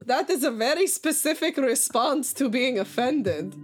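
Woman doing a fussy haunted sword w/ a weird fantasy accent, voice bouncing all over, kinda high. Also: animated, a little slow, faint music behind. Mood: indignant. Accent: put-on fantasy accent. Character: talking haunted sword from the Underdark.

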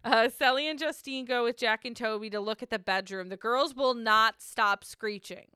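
Woman podcast co-host, bright and crisp, blunt and chatty recap delivery. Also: on the high side, normal speed, no echo, clean studio sound. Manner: chatty, laughs often, blunt. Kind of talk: casual recap chat.

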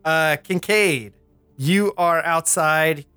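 A man's voice: on the high side, slow, sharp tone, clear, resonant tone, no echo, faint music behind. A man running a tabletop game as game master, rambling with many fillers. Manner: rambling, lots of "like" and "you know".

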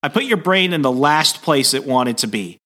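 A man's voice: a little high, lively intonation, moderate pace, sharp tone. A man voicing a psychic heroine who lectures in a stern way. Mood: scolding. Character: scolding psychic heroine, woman.

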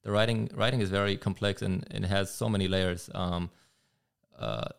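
Gravelly, smooth-voiced male rider. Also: low voice, steady tone. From California. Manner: thoughtful, halting with restarts. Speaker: guest motorcycle rider. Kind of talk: casual interview talk.

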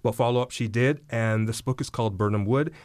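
A man's voice: mid-range voice, a little fast, a little mellow, dry recording. A man on radio discussing shortlisted novels with enthusiasm, explaining each book with some fillers. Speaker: books columnist.

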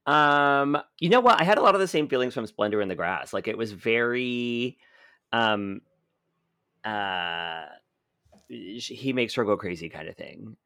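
A man co-hosting a film podcast, blunt and animated, laughing often. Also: medium pitch, measured pace, smooth, no room sound, clean studio sound. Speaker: podcast co-host. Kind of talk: casual film review chat.

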